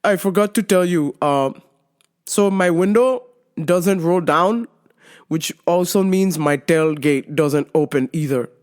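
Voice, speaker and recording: A woman voicing her older father, who speaks in a calm, mild, matter-of-fact way. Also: on the low side, measured pace, voice pushed down, lightly acted. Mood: apologetic.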